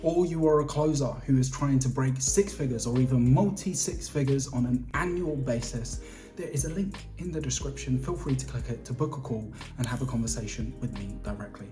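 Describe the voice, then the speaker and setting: A man talking straight to camera as a sales coach, energetic and emphatic, with quick laughs and casual swearing between phrases. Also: mid-range voice, soft background music. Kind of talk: direct-to-camera vlog.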